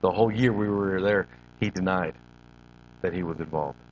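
Middle-aged man, very low voice, personal testimony, speaks to the crowd, dull lo-fi sound with faint hum. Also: normal speed. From Northern California. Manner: storytelling, addresses the audience, voices his younger self.

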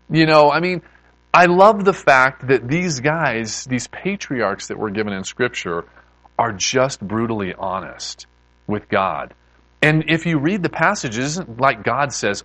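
A man preaching in a relaxed, chatty way, often stopping to restart a sentence. His pitch swings widely as he talks. The sound is dry and close, with no room echo. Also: measured pace. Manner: animated, conversational preaching with many restarts. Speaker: pastor. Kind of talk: sermon.

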